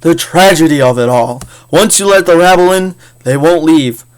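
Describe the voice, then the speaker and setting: A man's voice: a little high, normal speed, lightly acted. A man putting on a pompous snob banker. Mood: disdainful. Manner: pompous, affected and old-fashioned formal. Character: snobbish elitist male banker, looks down on everyone.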